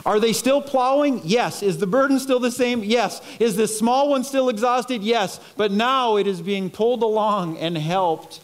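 A man preaching a sermon, impassioned and pleading, with dramatic pauses. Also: sits high. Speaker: pastor.

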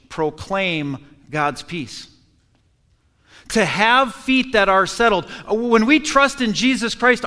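A man's voice: sits high, bright, forceful tone. Guy preaching in a big echoey church, earnest, keeps repeating stuff for emphasis. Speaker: pastor. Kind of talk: sermon. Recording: echoey hall.

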